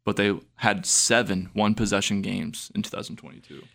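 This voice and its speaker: Man co-host, low gravelly voice, measured, stat-minded. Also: bright, forceful tone. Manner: measured, brings up stats. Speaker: sports show co-host. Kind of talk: casual sports talk.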